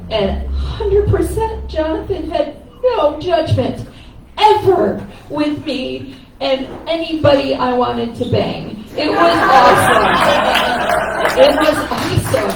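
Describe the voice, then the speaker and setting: A woman's voice: high-pitched, animated, measured pace, creaky, a crowd in the background. A woman who is a stand-up comedian, giving a candid, joking eulogy on a cafe stage and laughing between lines. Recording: echoey room from far off, noisy.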